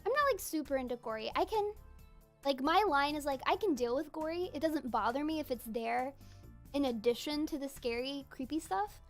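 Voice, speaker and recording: A woman's voice: high voice, normal speed, soft background music. A young woman streamer chatting casually while drawing, giggly and full of fillers. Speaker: streamer and virtual idol voice actor.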